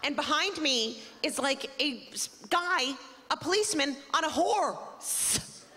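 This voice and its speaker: A woman's voice: sits high, lively intonation, slow, bright, forceful tone. A woman from Canada performing a stand-up comedy set, chatty and self-mocking, with playful asides to the audience. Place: comedy club stage. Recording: live stage with long reverb, faint noise.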